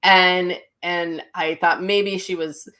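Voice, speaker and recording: A middle-aged woman telling viewers a personal story in a casual, animated way, acting out what people said, as a psychic medium hosting her own channel. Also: lowish voice, slow pace.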